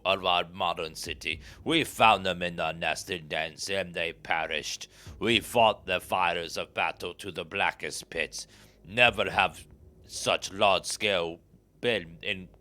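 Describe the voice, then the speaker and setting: A man's voice: low-pitched, pushed and bright. A man doing an old vampire-hunter founder's speech.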